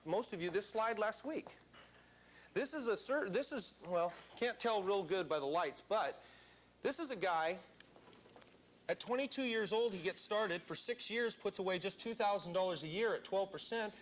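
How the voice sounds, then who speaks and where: A man tells a story to a live audience in a theatrical, animated way. His voice is high and swoops widely as he talks. A faint hum sits in the background. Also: moderate pace. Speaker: seminar speaker.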